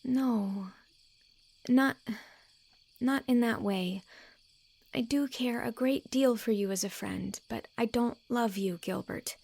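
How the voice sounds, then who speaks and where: A woman's voice: a little high, slow, creaky, long pauses, darkish tone, no room sound, voice pushed up, full character voice. A woman reading the lines of an earnest, dreamy young student in an audiobook, her delivery emotional and often pleading. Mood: distressed.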